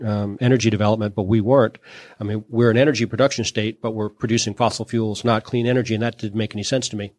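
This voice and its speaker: A man's voice: lowish voice, a little mellow, dry recording. Man from Louisiana telling a story dryly. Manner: chatty anecdotal telling with frequent "you know" and "um". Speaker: guest, solar entrepreneur. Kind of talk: casual storytelling interview.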